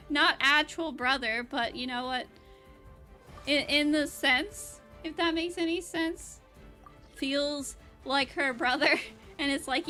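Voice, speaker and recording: A woman VTuber streamer with a high, sharp-toned voice chats casually on a live stream while gaming. She giggles often and rambles, restarting her sentences.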